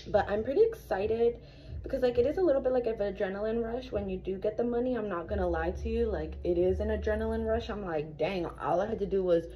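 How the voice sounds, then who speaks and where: A woman's voice: mid-range voice, highs cut off, a little hiss or hum. A young woman chatting casually to camera in her vlog, talking straight to her viewers and now and then dropping into a whisper. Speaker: vlogger. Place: home and club dressing room.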